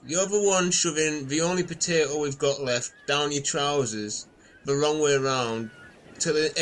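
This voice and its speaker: A man's voice: on the high side, a bit bright, slight background noise, close to an everyday voice, low-quality recording. A man playing a swearing, exasperated castaway. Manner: swearing, berating. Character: exasperated shipwrecked man berating a friend. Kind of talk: amateur audio drama acting.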